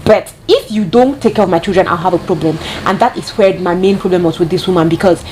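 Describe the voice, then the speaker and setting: A woman with a lowish voice tells a storytime tale. She talks straight to her viewers and repeats points for emphasis. A faint hiss sits under her voice. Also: fast talker, darkish tone, rough recording. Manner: chatty, addresses viewers directly, repeats herself for emphasis. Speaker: vlogger. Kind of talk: storytime monologue.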